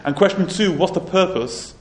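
Retelling a Midrash during a Torah lesson, this man speaks in a high, animated voice at a normal pace, with an earnest storytelling manner and the odd restart. There's a roomy echo and faint ambience in the recording.

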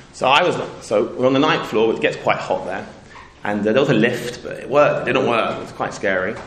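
A middle-aged man from England tells a story to an audience, rambling and restarting his sentences. He breaks into the voices of the people he quotes. His voice sits at an everyday pitch and carries a roomy echo. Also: moderate pace, fairly bright tone, a little hiss or hum. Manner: rambling, self-interrupting, acts out quoted voices. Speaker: storyteller speaking to a community audience. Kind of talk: casual anecdotal talk with a moral.

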